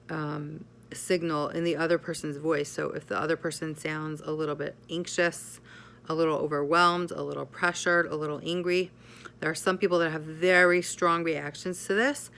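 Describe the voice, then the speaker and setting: Female therapist, measured explainer, bright and crisp, slightly low-pitched. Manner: measured, explanatory, often checks in with "right?". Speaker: psychotherapist. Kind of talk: explanatory talk to camera.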